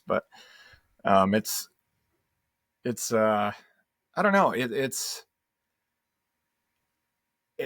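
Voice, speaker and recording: This is a man with a gravelly voice talking on a podcast. He tells his stories animatedly and plays out the dialogue himself. The sound is close and dry, with no room around it. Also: medium pitch, no echo. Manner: animated storyteller acting out dialogue. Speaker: podcast co-host. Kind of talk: casual chat.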